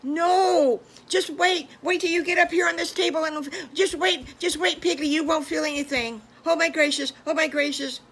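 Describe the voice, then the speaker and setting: An older woman voicing excited little boy piglets in a high, squealing voice. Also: moderate pace, few pauses.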